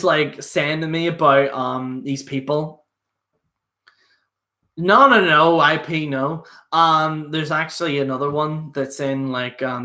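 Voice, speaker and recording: A man's voice: on the high side, sharp tone. A young man hosting a casual solo stream, rambling and swearing with lots of fillers. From Northern Ireland. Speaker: host. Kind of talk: casual solo livestream chat.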